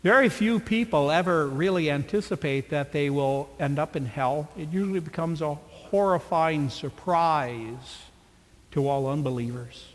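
A man's voice: fairly high pitch, unhurried, long reverb tail, slight background noise. A man preaching a sermon with dramatic rhetorical questions. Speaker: pastor.

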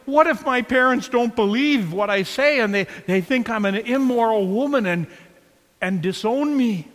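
Worried young woman voiced by a male pastor, pleading tone, high voice, slow, long hall echo. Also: lively intonation, fairly bright tone. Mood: anxious. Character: young woman fretting aloud, anxious.

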